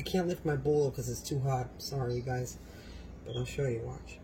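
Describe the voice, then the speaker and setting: Medium in pitch and moderately paced, a man records an informal cooking demo at home against a noisy background. The vlogger speaks right to his audience and keeps exclaiming about how tasty the food is.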